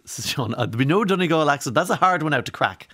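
A man's voice: on the high side, animated, very fast, fairly bright tone, no echo, clean studio sound. A man hosting a radio show, chatting wryly and at length and often letting his voice fall away. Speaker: radio host.

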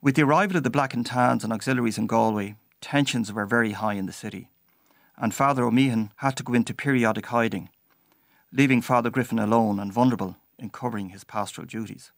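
A man narrating a personal story in a measured, storytelling way. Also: mid-range voice, creaky, dry recording, clean studio sound.

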